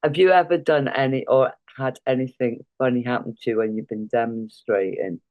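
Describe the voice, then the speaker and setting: A man's voice: medium pitch, fairly even intonation, a little fast, narrow, tinny audio. A man hosting a podcast interview, friendly and agreeable, chiming in and laughing along. His voice sits in a plain middle range. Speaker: podcast host. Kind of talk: casual interview questions.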